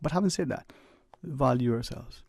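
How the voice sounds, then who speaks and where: In a radio studio, a man from the Cayman Islands talks through a reflective, preachy monologue on his talk radio show, conversational in manner and varying his speed for emphasis. A studio microphone picks up his mid-range, darkish, slightly rough voice with clean sound and no echo.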